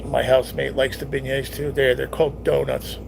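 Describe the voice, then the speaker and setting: Laid-back streamer, young man, gravelly, teasing, with faint hiss behind. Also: mid-range voice, flat delivery, fairly quick. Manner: laid-back, swears freely, teases viewers. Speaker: live-stream host reading viewer chat. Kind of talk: casual live-stream chat.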